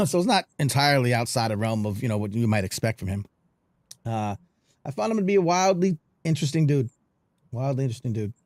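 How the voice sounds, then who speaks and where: A man hosting a casual live stream, talking loosely and picking up threads as they come. His voice sits at an ordinary middle pitch. The sound is close and dry, with no room in it. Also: very animated, fairly quick, no echo. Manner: loose and chatty, many fillers. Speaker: podcast host. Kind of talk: casual livestream chat.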